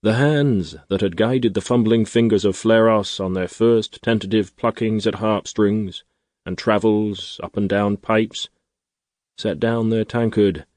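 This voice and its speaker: Male audiobook narrator, low pitch, dry studio sound, measured storyteller. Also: darkish tone, dry recording. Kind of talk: scripted narration.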